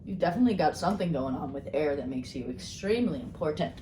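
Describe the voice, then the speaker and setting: A woman giving a casual tarot card reading, bubbly and rambling as she talks excitedly. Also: lowish voice, fast talker, hardly any pauses, reverberant, slight background noise. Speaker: tarot reader.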